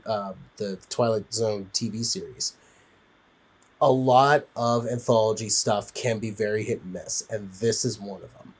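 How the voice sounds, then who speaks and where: A man's voice: fairly low pitch, darkish tone, breathy edge. A man giving a casual spoken film review, rambling with frequent fillers and restarts.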